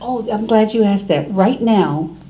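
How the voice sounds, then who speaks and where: A woman's voice: medium pitch, animated, unhurried, muffled recording. A woman author at a library forum, talking casually and correcting herself as she answers an audience question. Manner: scattered, self-correcting. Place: library meeting room. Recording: distant room recording with faint hiss.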